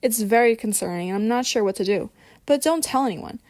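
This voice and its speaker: A woman's voice: on the high side, expressive, fairly quick, a little mellow, dry recording, studio quality, lightly acted. Woman reading as a worried party hostess. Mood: troubled. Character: worried female party hostess and school staffer.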